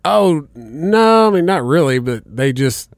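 A man telling stories in a casual chat, swearing freely and getting animated as he goes. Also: on the high side, unhurried, no echo, studio quality. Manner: profane, animated storyteller.

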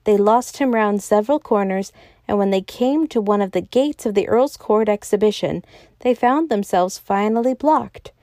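Mellow-voiced woman reading a story. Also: medium pitch, normal speed, no echo. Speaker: podcast storyteller. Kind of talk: scripted narration of a classic novel.

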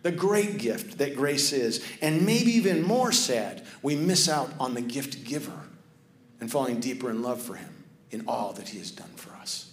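A man's voice: mid-range voice, moderate pace. Man preaching in an echoey room. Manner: lively storytelling that sinks to hushed, earnest tones. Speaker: pastor. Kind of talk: sermon with personal story.

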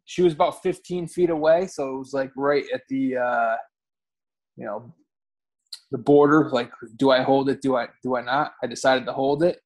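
A man's voice: mid-range voice, a little mellow. A man co-hosting a podcast, telling rambling, profane stories in casual chat and often correcting himself. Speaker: podcast co-host.

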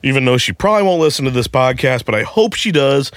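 A man's voice: medium pitch, expressive, fast, clear, resonant tone, no room sound. A man hosting a casual sports podcast, blunt and joking, swearing freely. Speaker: podcast host.

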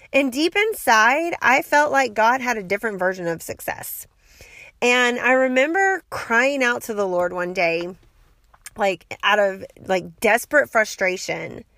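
Middle-aged woman in her car, higher voice, dry close sound, earnest heartfelt testimony w/ little laughs. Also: a bit bright, no room sound. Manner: earnest, heartfelt storytelling with light self-aware laughs. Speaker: podcast host. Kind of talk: personal faith testimony monologue.

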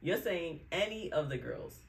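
A woman's voice: on the low side, animated, unhurried, gravelly. A woman with a New York accent co-hosting a podcast in casual chat, laughing often and pressing for details. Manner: laughs often, clarifies and teases. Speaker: podcast co-host.

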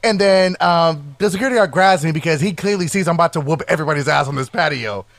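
A young man co-hosting a casual podcast, voice pitched high and recorded close in a dry room. He tells a rowdy story full of swearing and jumps into loud, animated impressions of what everyone said. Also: fast talker, dry recording. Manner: animated, profane, acts out quotes loudly. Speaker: podcast co-host.

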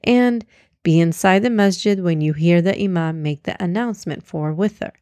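A woman's voice: fairly low pitch, normal speed, warm tone, no room sound, natural voice. A woman reading aloud, voicing a loving mother who firmly sets out rules for her children. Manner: firm, instructive, listing rules. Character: careful, loving mother of two.

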